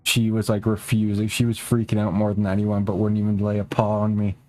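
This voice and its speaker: While streaming a game, a young man chats casually and rambles, swearing a lot. His voice is dark in tone, brisk, and monotone, though he switches to a high baby voice to talk to his cats.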